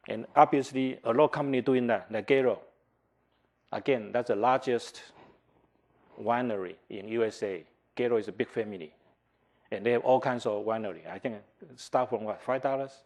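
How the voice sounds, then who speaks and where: Man, older, from taiwan, university lecturer, classroom lecture, animated, english. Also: mid-range voice. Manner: animated, acts out customer reactions, asks the class questions; non-native English, simplified grammar. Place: lecture hall.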